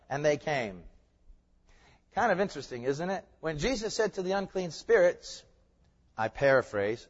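A man's voice: a little high, very animated, moderate pace, a bit bright, husky. A man preaching a sermon, emphatic and building to fervent peaks. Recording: muffled sound with long hall reverb.

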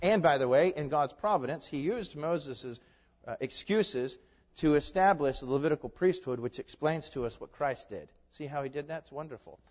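Male pastor, high voice, preaching with loud peaks and hushed asides, muffled lo-fi sound. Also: animated, moderate pace. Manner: asks the audience rhetorical questions, swings from loud emphasis to hushed asides. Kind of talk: expository sermon. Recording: reverberant hall, dull lo-fi sound.

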